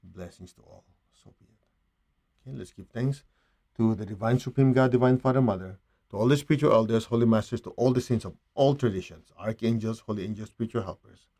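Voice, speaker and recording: A man with a Chinese accent guiding a meditation in a hushed, slow, calm voice with long pauses. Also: lowish voice. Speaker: meditation teacher. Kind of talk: guided meditation.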